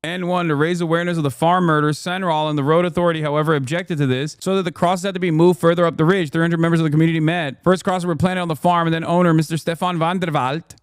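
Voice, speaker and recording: A man's voice: a little high, fairly even intonation, fast talker, hardly any pauses, clean tone, dry recording, clean studio sound. A man hosting a stream, giving sarcastic, profane political commentary while reading and ranting. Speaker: streamer host.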